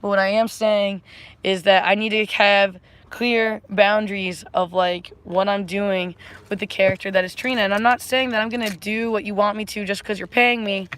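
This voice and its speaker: A woman talks loosely to her livestream viewers in a mid-pitched voice. She rambles and gushes, repeating affectionate phrases. She drifts into spiritual encouragement. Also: flat delivery, moderate pace, a bit bright, clear, resonant tone. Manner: spiritual pep-talk tone. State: emotional, close to tears. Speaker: livestreamer offering readings. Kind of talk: casual livestream chat to viewers.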